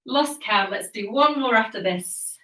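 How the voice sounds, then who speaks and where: A woman instructor talks a class through a Pilates routine with calm, encouraging cues. Her voice is bright and a bit sharp, and it sits back from the mic in a roomy, echoing space. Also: fairly high pitch, slow, recorded from a distance. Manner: encouraging, calm cueing with breath counts. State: slightly out of breath. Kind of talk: guided workout instruction. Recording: echoey room, voice off-mic.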